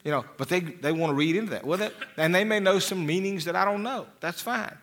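Man, pastor's sermon, folksy rambling delivery, slightly high voice. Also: brisk, fairly bright tone. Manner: folksy, rambling, many restarts and repeats. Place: church.

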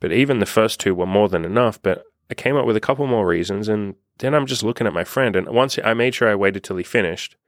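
A man talking as a life coach, telling a story in an animated way and swearing casually. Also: lowish voice, fast, few pauses, no room sound, studio quality. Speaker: life coach and podcast host. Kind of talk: casual motivational monologue.

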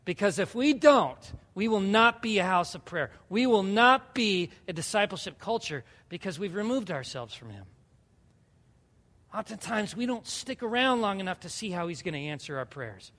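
A man's voice: high-pitched, sing-song, normal speed, fairly bright tone. A man in his thirties preaching a sermon as pastor, earnest and conversational, building to fervent appeals. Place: church sanctuary. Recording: reverberant hall.

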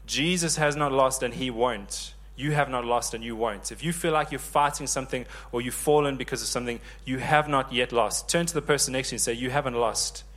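A man in his thirties preaching a sermon, lively and joking with the congregation. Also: mid-range voice, fairly quick, few pauses. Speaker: pastor.

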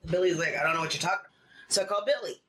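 Woman in recorded interview, animated panicky retelling, bright voice, roomy and distant, faint background hiss. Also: fairly low pitch, racing. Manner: animated, panicky retelling with fillers and quoted dialogue. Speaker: interviewee, friend of missing woman.

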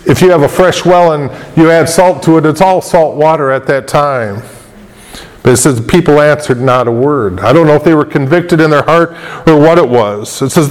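A man preaching a sermon in a slightly high voice, pressing his listeners with rhetorical questions and repeated lines. His voice rings out with a long reverb, as in a church sanctuary. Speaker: pastor.

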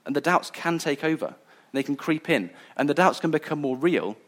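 With an expressive voice on the high side, this man preaches at a fairly quick clip. His sermon is earnest and conversational, and he restarts himself now and then.

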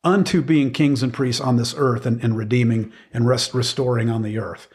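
A man's voice: medium pitch, steady tone, moderate pace, a little mellow. Middle-aged man, plain mid-range voice, earnest conversational Bible teacher, emphatic with frequent restarts. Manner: earnest, emphatic, repeats words while searching for phrasing.

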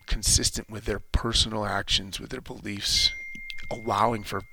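A man's voice: fairly low pitch, level tone, normal speed, creaky, background noise. A man in a casual spoken monologue, thinking aloud and rambling with frequent restarts.

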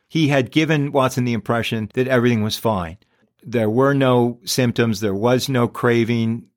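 A man hosting a podcast, retelling a story in a relaxed conversational way with small restarts. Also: mid-range voice, dry recording, clean studio sound. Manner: conversational, with frequent restarts and fillers. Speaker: podcast host.

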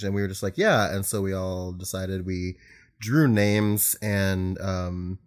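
A man's voice: deep voice, lively intonation, unhurried. A young man co-hosting a podcast, explaining a gift exchange in a joking, rambling way. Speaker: podcast co-host. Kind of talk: casual chat.

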